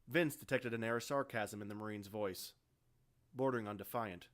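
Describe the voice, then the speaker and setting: A man, the author, reading his own science fiction story aloud in steady, even narration. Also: on the low side, moderate pace. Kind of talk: audiobook narration.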